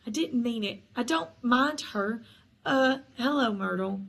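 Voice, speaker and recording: A woman voicing a clever schoolgirl, knowing at times, flustered and falsely bright at others. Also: fairly high pitch, expressive, moderate pace. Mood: frantic.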